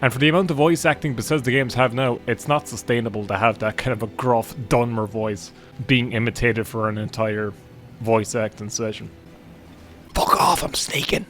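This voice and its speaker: A man's voice: medium pitch, steady tone, a little fast. A young man giving casual, jokey gameplay commentary and swearing freely. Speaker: gaming YouTuber. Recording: faint game music behind.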